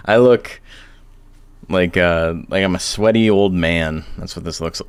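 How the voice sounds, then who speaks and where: A man with a deep voice chats casually on a live stream, rambling and poking fun at himself. He keeps getting interrupted by hiccups. The sound is dry, with no room echo. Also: measured pace, clear, resonant tone. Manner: chatty, rambling, self-deprecating. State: has hiccups.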